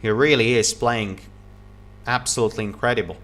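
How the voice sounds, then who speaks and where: A man giving live play-by-play tennis commentary, calling each shot quickly and getting excited at big points. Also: medium pitch. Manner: excited, calls shots rapidly, repeats praise.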